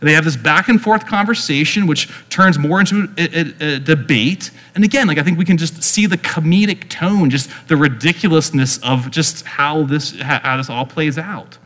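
A man's voice: fairly high pitch, normal speed, few pauses, fairly bright tone. Chatty male preacher in a reverberant hall. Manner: conversational, chatty, leans on "like" fillers. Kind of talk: casual teaching sermon.

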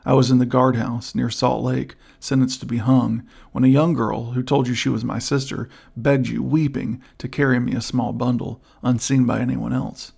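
Man reading as a gravelly gloomy old outlaw. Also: mid-range voice, level tone, moderate pace, hardly any pauses. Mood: low urgent. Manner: rough, hushed, conspiratorial. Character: gruff old outlaw turned helper, gloomy. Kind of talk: audiobook character voice.

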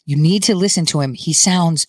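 A woman's voice: lowish voice, fairly quick, no echo. Chatty middle-aged woman hosting a podcast. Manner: chatty, laughs often, rambling asides. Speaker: podcast host. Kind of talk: casual political commentary.

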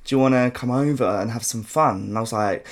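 A man's voice: mid-range voice, fast, a crowd in the background. A man from South London with a South London accent, telling stories in a swearing, laughing podcast chat. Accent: South London English. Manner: chatty, swears a lot, laughs often. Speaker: podcast host. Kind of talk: casual storytelling chat.

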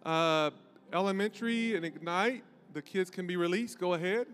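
A man's voice: high voice, moderate pace, fairly bright tone, faint music behind. A male pastor preaching a casual, joking sermon with call-and-response, on a stage mic in a large church. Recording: long church hall reverb.

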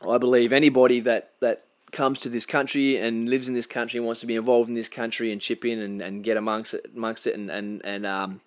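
An Australian man giving blunt, impassioned unscripted commentary, halting often and restarting his sentences. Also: medium pitch, level tone.

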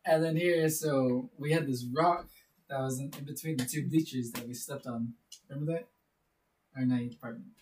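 A man's voice: mid-range voice, moderate pace, a little mellow, a little hiss or hum. A man asking his friends questions in a casual chat, rambling with many fillers. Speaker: question asker. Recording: distant mic.

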